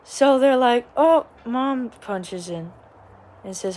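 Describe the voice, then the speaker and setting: A woman's voice: a little high, lively intonation, takes it slowly, darkish tone, a little hiss or hum. A young woman vlogger telling a casual, rambling story at home, full of asides and quoted voices. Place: small home, living room.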